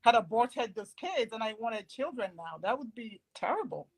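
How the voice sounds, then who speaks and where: A woman's voice: fairly high pitch, sing-song, normal speed, husky, poor audio. A woman in her forties, an interview guest, earnestly explaining her own choices. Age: 40s.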